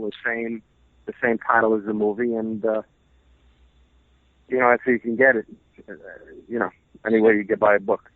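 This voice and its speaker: A man being interviewed as a guest, speaking in a halting, jokey way full of fillers. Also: mid-range voice, no room sound. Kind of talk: casual interview chat. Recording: tinny phone line, dry.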